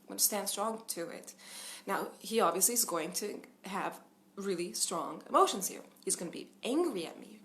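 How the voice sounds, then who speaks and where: A woman's voice: medium pitch, expressive, moderate pace, a bit bright. Chatty woman giving parenting advice. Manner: earnest, chatty, laughs often, many fillers. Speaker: parenting coach. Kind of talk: casual talking-head advice.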